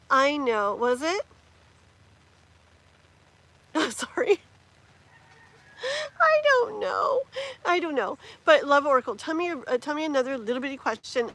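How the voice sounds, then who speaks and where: A woman's voice: fairly high pitch, fairly bright tone, poor audio. A woman giving tarot readings on a live stream, chatty and rambling with many fillers and restarts. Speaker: tarot reader.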